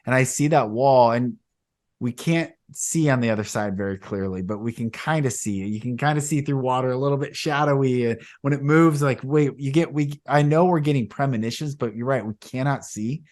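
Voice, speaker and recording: A male podcast host talks casually about spiritual matters, spinning long, rambling stories that become more animated as he retells them. His voice is mid-range and he speaks a little fast.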